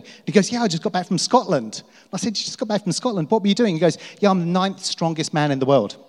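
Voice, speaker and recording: Casting: middle-aged male pastor, slightly high voice, self-mocking storyteller, long hall reverb. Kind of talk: sermon.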